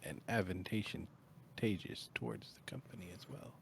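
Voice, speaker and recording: A man playing a character at a tabletop game, speaking in a measured, mildly formal way. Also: lowish voice, creaky, slightly rough. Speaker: player.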